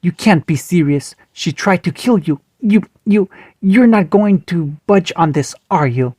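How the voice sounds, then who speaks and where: A man's voice: sits high, lively intonation, measured pace, darkish tone, husky, no room sound, clean studio sound, heavily acted. A man voicing a prim adult woman in a read-aloud story, huffy and incredulous. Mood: exasperated.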